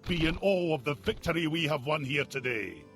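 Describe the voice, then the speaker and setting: A man's voice: a little high, animated, normal speed, fairly bright tone, soft background music. An actor playing a bold, boastful male army commander in declamatory game voice lines. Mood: rallying. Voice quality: declamatory, proud. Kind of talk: video game unit voice lines.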